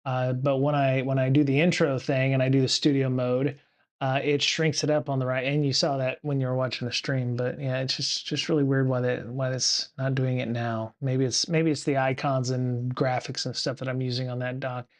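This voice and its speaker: A man's voice: mid-range voice, level tone, moderate pace. Rambling man hosting a livestream. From United States. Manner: rambling, many fillers and restarts. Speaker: podcast host. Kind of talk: casual livestream chat.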